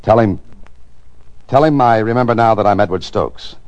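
A man's voice: on the low side, moderate pace, no room sound, highs cut off, lightly acted. An actor playing a hard-boiled male writer-adventurer in 1940s radio drama, wry and tense, narrating in first person.

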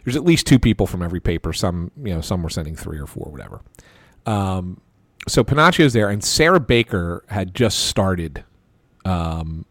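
A man telling a casual, animated anecdote as a sports reporter, full of restarts and stammers and acting out the lines of the people in it. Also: low voice, dry recording. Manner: animated anecdote with quoted voices. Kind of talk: casual storytelling.

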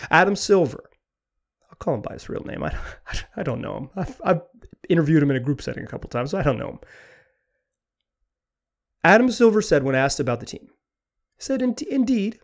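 A man delivers a sports talk podcast monologue in a voice pitched a little above the usual. He rambles in an animated way, stumbles over his words and restarts his sentences often. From Pacific Northwest. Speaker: podcast host.

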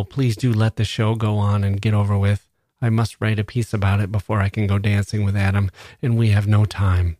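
A man's voice: fairly low pitch, a little mellow, dry recording, clean studio sound, close to an everyday voice. A man reading the part of a sardonic, ill young woman reporter, muttering her thoughts aloud.

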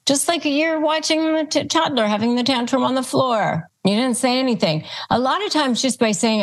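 A woman hosting an advice podcast, walking through her points one by one and modeling calm phrases aloud in a steady, methodical way. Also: on the high side, a little slow, gravelly, hardly any pauses. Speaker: podcast host giving advice. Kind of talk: instructional monologue.

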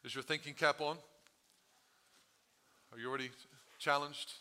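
A man preaches to his congregation in a bright, cutting voice that is a little higher than most. His voice is strained and hoarse from overuse. He keeps the sermon conversational, throwing questions at the room and then building to loud, dramatic quotes. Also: steady tone, normal speed. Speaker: pastor. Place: church sanctuary.

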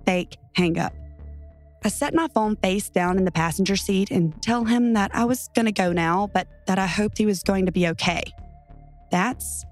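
A woman reading a first-person true horror story aloud with tense, dramatic delivery. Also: mid-range voice. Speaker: story narrator.

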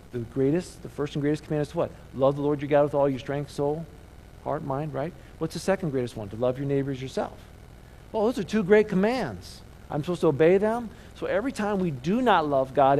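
A man's voice: fairly high pitch, a little mellow, a little hiss or hum, rough recording. A male pastor giving a conversational sermon, asking rhetorical questions and calling on the audience to repeat key words after him. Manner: call-and-response, asks audience to repeat words.

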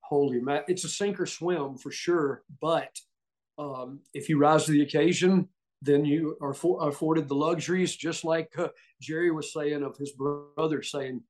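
A man's voice: fairly high pitch, a little slow. A middle-aged man with a Southern US accent, telling stories casually and acting out the quotes. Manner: animated, acts out quotes, laughs often. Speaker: podcast guest, former wrestler. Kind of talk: casual storytelling.

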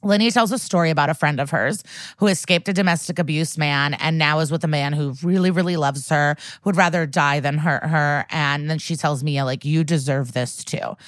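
A woman's voice: sits low, a little fast, no echo. A woman co-hosting a podcast, recapping a TV episode in a casual, chatty way, swearing often and saying "like" a lot. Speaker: podcast co-host.

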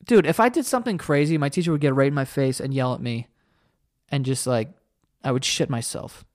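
A man's voice: mid-range voice, fairly quick. A young man hosting a solo podcast, ranting in an exasperated, profane way. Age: young adult. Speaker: podcast host.

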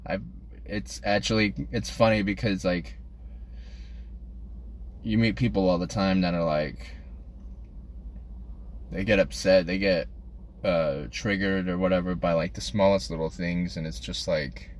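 A man's voice: low-pitched, fairly even intonation, a little slow, long pauses, slight background noise. A man delivering a crude, self-deprecating comedic monologue as a podcast host, rambling from one thought to the next.

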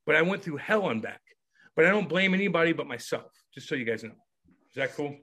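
Animated storytelling man, casual and swearing. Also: a little high, fast. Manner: animated, swearing, acts out voices in his stories. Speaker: podcast guest, former hockey player.

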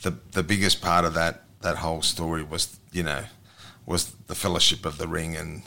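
A man in his forties with an Australian accent, hosting an interview in relaxed chat that often trails off softly. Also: rumbling low, moderate pace, vocal fry. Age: 40s. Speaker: host.

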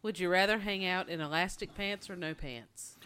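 A woman reading party game questions aloud in a plain, even way. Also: lowish voice, normal speed, clean tone.

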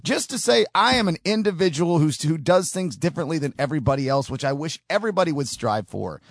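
A man's voice: on the high side, animated, quick pace, vocal fry, no echo, studio quality. A man hosting a podcast, ranting in opinionated solo commentary with frequent restarts. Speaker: podcast host.

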